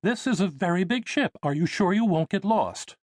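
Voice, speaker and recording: A man's voice: sits high, lively intonation, moderate pace, dry recording, studio quality, pitched above the performer's own voice. A man voicing a wealthy, protective mother who fusses over her son. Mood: fussy. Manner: fussy, doting.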